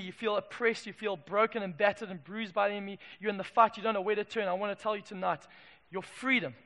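A man delivers a sermon in a high, bright, gravelly voice. He tells his story dramatically, rising to loud peaks and then dropping low and soft. The sound rings out with the long reverb of a hall. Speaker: preacher. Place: church hall.

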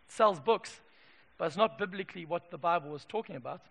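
Male pastor, high and bright, emphatic and punchy, booming hall reverb. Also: brisk, creaky. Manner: emphatic, swings from loud declarations to quiet asides. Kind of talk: sermon. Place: church.

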